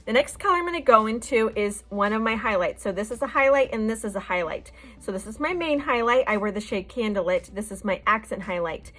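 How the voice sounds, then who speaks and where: A woman's voice: fairly high pitch, expressive, a little fast, hardly any pauses, fairly bright tone. A woman hosting a makeup tutorial, explaining each step in a chatty, reassuring way. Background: faint background music.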